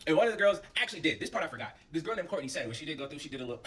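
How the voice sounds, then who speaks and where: A young man casually telling a story, animated and full of slang and swearing. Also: fairly high pitch, rapid-fire, distant mic.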